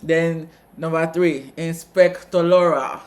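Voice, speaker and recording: A man co-hosting a casual TV review chat, retelling scenes with quick asides. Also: fairly high pitch, fairly even intonation. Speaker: co-host of a TV review channel.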